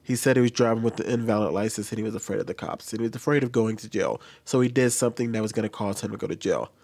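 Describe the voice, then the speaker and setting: A man's voice: on the low side, rapid-fire, a little mellow. A young adult man commenting on a news story in an exasperated, lecturing way, repeating his pleas. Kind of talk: reaction commentary.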